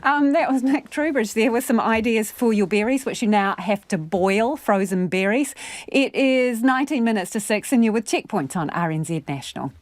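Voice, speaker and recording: A woman hosting a radio news show, relaxed and friendly between items. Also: on the high side, normal speed. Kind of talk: radio presenting.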